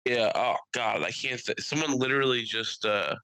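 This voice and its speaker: A man's voice: normal speed, clean tone, no room sound, rough recording. A young man from the Philadelphia area co-hosting a podcast, chatting casually, swearing freely and often mimicking people. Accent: Philadelphia-area American. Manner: animated, swearing, mimics people in high voices. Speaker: podcast co-host. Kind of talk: casual chat.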